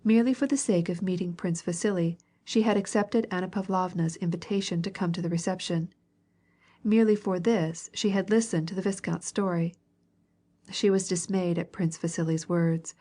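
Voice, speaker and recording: A woman reading a classic novel aloud as an audiobook narrator, in a measured way, gently voicing each character. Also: on the low side, fairly even intonation.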